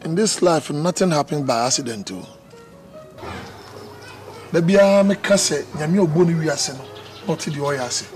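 A man's voice: a little high, moderate pace, pauses often, darkish tone, faint music behind, natural voice. A man with a Ghanaian accent playing a desperate man who begs his partner to stay, pleading emotionally and mixing Twi and English. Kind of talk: film acting. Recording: faint film score underneath.

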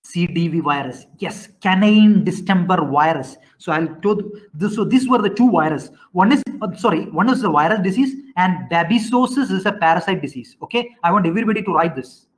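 A man teaching an online class, quizzing students and often repeating himself with halting restarts. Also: sits high, expressive, low-quality recording.

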